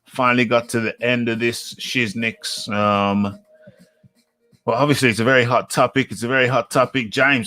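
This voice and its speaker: A man's voice: medium pitch, pushed and bright, no echo. A British man hosting a live boxing talk stream, reading comments aloud and rambling and correcting himself as he scrolls.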